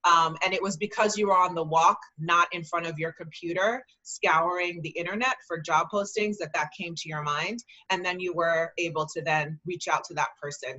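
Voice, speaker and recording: A woman appears as a guest speaker offering career advice in a conversational way. Her voice is bright yet fairly low in pitch, and she sounds earnest and encouraging, saying "um" often. The recording is rough.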